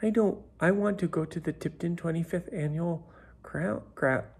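A man voicing a sweet, humble young pony in a storybook, eager and hopeful, in a raspy voice. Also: a little high, normal speed, a little mellow, pitched above the performer's own voice.

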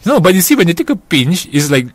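A man's voice: fairly high pitch, sing-song, fast talker, slight background noise. A man hosting a casual podcast chat, asking questions in a chatty way with fillers. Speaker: host.

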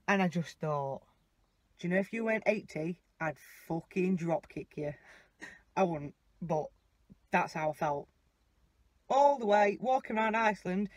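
A woman's voice: mid-range voice, no echo. A young British woman ranting and telling a story in a chatty, sweary way while driving, talking into her phone mounted on the dashboard. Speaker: vlogger. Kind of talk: casual storytelling rant. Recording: dull lo-fi phone audio.

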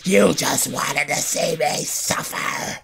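A cruel, gloating flower, as a man puts on a villain voice for a video game. The voice is gravelly and sharp-edged and crawls out word by word. A faint hiss sits behind it. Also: fairly high pitch, exaggerated voice. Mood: menacing. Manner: slow, drawn-out menace.

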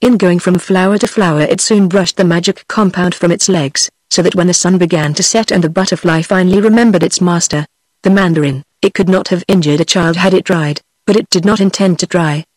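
A text-to-speech woman's voice with a British English accent, reading a fairy tale aloud in a steady, even audiobook manner. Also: lowish voice, a little fast, dry recording. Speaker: audiobook narrator. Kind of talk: synthetic audiobook narration.

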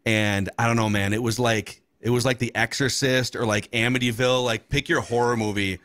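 A man hosting a casual sports talk show, relaxed, asking questions and telling stories. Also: medium pitch, fairly quick, dry recording. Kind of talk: casual chat.

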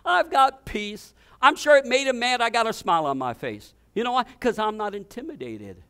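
A man's voice: very high-pitched, big pitch swings, moderate pace, fairly bright tone, clear, resonant tone. A male pastor preaching a fervent storytelling sermon, often repeating and restarting his words.

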